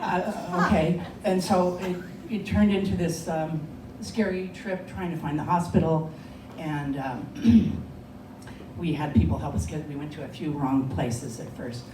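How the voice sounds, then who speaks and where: On a bar lounge stage at a live story slam, a woman tells a personal story conversationally, often breaking into laughter. Her voice is low-pitched and her pace measured. The recording is echoey, with a distant mic and background noise.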